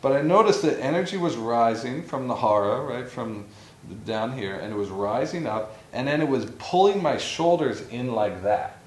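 A man's voice: mid-range voice, lively intonation, moderate pace. Reflective man teaching in an echoey room. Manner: reflective, storytelling, laughs often. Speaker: meditation or yoga teacher. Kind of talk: informal spiritual talk. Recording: echoey room with faint ambience.

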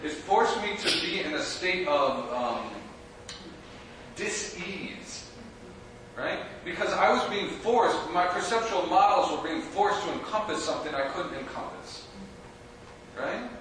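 A man's voice: sits high, animated, unhurried. A man giving a casual talk to a small group, chatty, laughing often and asking his listeners questions. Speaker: spiritual teacher giving a talk. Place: room with a small audience. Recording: roomy and echoey, from far off, noisy.

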